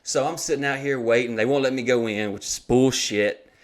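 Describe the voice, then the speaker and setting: A man hosting a comedy podcast, telling stories in a loose, profane and animated way, often laughing. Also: mid-range voice, a little fast. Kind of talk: casual comedic storytelling.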